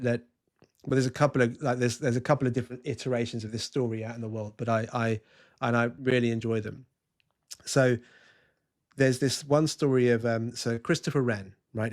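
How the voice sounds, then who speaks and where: A man, a guest on a podcast interview, talking enthusiastically, telling stories and often restarting his sentences. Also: medium pitch. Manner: enthusiastic storytelling with frequent restarts. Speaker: guest culture consultant.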